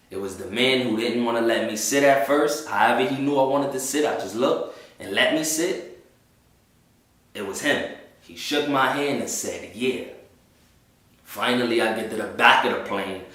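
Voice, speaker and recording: A man's voice: medium pitch, a bit bright, distant mic. A man telling a personal faith testimony in a casual storytelling way, full of slang and with acted-out voices of the people in it. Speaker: testimony speaker. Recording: very echoey room.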